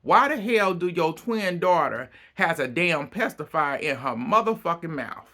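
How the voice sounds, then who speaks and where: Bright-voiced man, blunt profane recap. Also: on the high side, big pitch swings, a little slow. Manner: blunt, profane, exasperated storytelling. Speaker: reality TV recap vlogger. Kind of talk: casual recap commentary.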